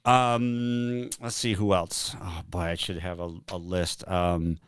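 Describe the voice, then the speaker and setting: A man on a radio show as a guest, talking in a casual, halting way with lots of fillers. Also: low voice, little pitch movement, smooth, dry recording. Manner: halting, full of fillers while listing sponsors.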